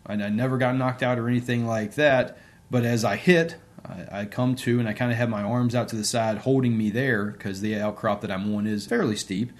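A man's voice: medium pitch, steady tone, a little fast. A man, an interview guest and sports coach, telling a personal story in a casual, conversational way with many fillers.

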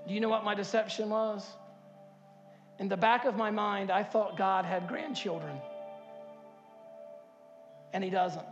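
Fifties male pastor, high-pitched and fervent, sanctuary with long reverb. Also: fairly even intonation, measured pace, long pauses, muffled recording, over music. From Harkers Island, North Carolina. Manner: builds to loud impassioned preaching, repeats words, asks the crowd questions. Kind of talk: sermon. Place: church sanctuary.

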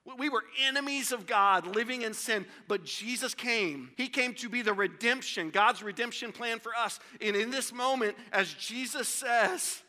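A man preaching a sermon as a pastor, emphatic and repetitive, swinging between loud builds and hushed drops. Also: very high-pitched, normal speed, few pauses. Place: church sanctuary. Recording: long hall reverb.

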